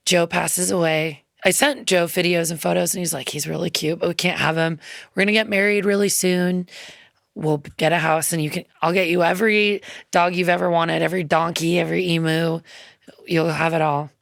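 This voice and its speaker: A woman with a low, gravelly voice tells a heartfelt story, chatty and loose, full of ums and little quoted asides. She is a guest in a radio studio, and her voice sounds dry and close to the mic. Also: steady tone, a little fast, dry recording. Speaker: musician guest. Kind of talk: casual interview storytelling.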